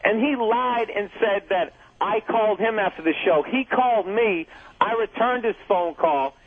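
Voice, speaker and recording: High-voiced man ranting on tinny radio. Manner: profane, indignant, fast ranting. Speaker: comedian guest in studio. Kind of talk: heated on-air argument. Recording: tinny phone-like radio audio.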